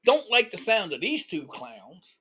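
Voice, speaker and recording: A big grumpy dragon who has no love for people, grumbling in a blunt, folksy way, as a storyteller puts him on. The voice sits fairly high and bright and swings about a lot. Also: male voice, big pitch swings, a little slow, breathy edge, exaggerated voice. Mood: disgusted.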